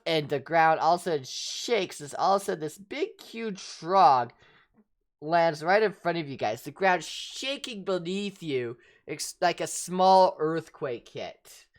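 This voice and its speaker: A woman narrating as game master of a tabletop game, animated and prone to restarting sentences. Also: lowish voice, a little slow.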